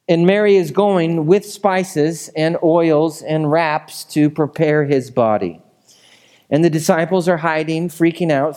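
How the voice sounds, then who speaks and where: A man delivers a sermon in a relaxed, talky way and keeps checking in with his listeners. His voice sits a little high for a man. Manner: conversational, asks the room questions. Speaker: pastor.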